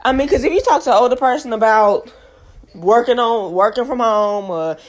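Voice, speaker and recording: A woman's voice: fairly high pitch, expressive, moderate pace. A young woman with a stuffy nose from allergies hosts her own show in a casual monologue, making emphatic points, repeating them, and asking the audience directly. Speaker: show host.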